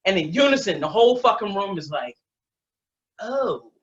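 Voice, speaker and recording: A woman's voice: medium pitch, sing-song, quick pace. A woman, doing a brash, profane stand-up comedy set. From Baltimore, USA. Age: 40s. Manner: profane, brash, streetwise storytelling. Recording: muffled lo-fi online stream.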